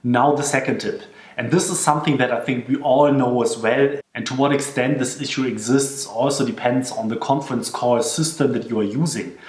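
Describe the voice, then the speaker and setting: A man's voice: medium pitch, fairly even intonation. Man giving earnest office tips, echoey room. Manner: earnest, repeats key advice slowly for emphasis. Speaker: presenter giving workplace tips. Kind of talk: instructional talk to camera.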